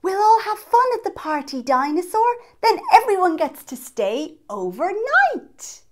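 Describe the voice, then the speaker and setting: A woman's voice: very animated, unhurried, full character voice. A woman voicing a cheerful young boy who reassures his friend in a storybook reading. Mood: excited. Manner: high, bright and eager.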